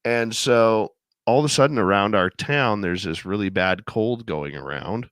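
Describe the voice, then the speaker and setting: A man's voice: fairly low pitch, a little slow, fairly bright tone, smooth, no room sound. A man hosting a talk show while fighting a head cold, chatting in a rambling, easygoing way. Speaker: radio show host. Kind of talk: casual chat.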